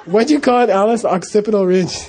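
A man's voice: high voice, quick pace, crowd noise. A middle-aged man casually telling an anecdote, laughing often and acting out the dialogue. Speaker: storyteller recalling monastery life.

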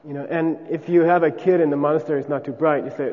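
A man's voice: a little high, fairly even intonation, fast talker, highs cut off. Man teaching a class in a reverberant hall. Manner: casual, repeats "okay?", demonstrates chants.

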